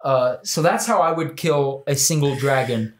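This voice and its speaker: A man's voice: medium pitch, moderate pace. A man hosting a casual podcast, telling a crude, rambling story through laughter. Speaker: podcast host. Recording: echoey room with background noise.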